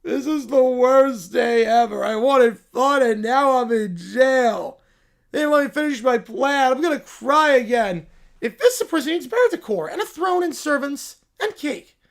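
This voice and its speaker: A man's voice: very high-pitched, lively intonation, moderate pace, vocal fry, pitched above the performer's own voice, exaggerated voice. A man voicing a spoiled, bratty child who thinks he is royalty, whining and petulant. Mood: whiny. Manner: whiny, petulant.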